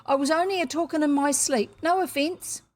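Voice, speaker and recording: A woman voicing a cheeky, lazy male burglar who talks loud and slangy, as in a storybook reading. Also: high-pitched, a little fast, pitched above the performer's own voice, natural voice. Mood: hoarse, pleading.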